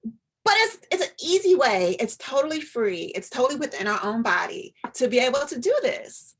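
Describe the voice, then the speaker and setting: A woman psychologist giving an informal, chatty talk to parents, animated and now and then dropping into a soft whisper to show a point. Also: fairly high pitch, moderate pace, slightly rough. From US, Atlanta area. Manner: chatty and animated, often drops to a demonstrative whisper.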